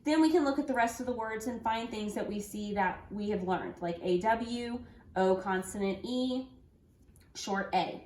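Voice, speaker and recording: A woman teaching young children a phonics lesson, speaking slowly and clearly, spelling out letters and encouraging them. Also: mid-range voice, darkish tone. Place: home room with an easel. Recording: echoey room.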